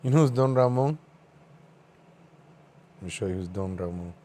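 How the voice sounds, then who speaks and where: A man's voice: sits low, lively intonation, moderate pace, dark tone. Swearing, laughing livestream host man. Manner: laughs often, swears freely. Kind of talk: casual reaction commentary.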